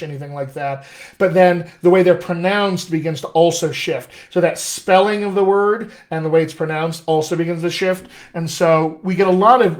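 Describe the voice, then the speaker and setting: Brief: American man, dialect coach, upbeat live Q&A, voice on the high side. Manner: chatty, enthusiastic, reads out viewer questions. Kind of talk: live-stream Q&A lesson.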